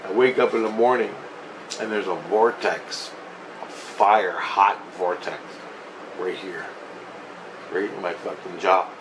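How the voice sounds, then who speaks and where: A man's voice: low voice, steady tone, slow, pauses often, background noise. A man telling a personal story in a rambling, agitated, profane way, restarting often. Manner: profane, agitated, restless retelling with frequent restarts.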